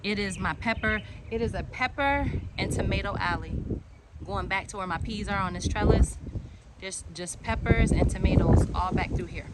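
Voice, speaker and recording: A woman giving a casual walk-and-talk tour of her backyard garden. She talks in an excitable, chatty way and drifts off topic easily. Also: medium pitch, normal speed. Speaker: home gardener and channel host. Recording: outdoor noise with birds and passing traffic.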